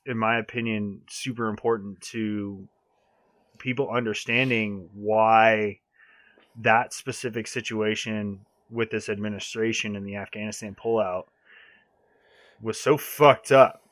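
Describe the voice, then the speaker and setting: A man's voice: fairly low pitch, fairly even intonation, measured pace, a bit bright, no room sound. A man ranting hard in a casual podcast chat, heated and swearing often.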